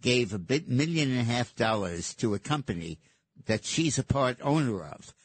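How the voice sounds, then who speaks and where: A man's voice: mid-range voice, animated, moderate pace, husky, dry recording. A man hosting political talk radio, speaking in an emphatic, sardonic way. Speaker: radio talk show host.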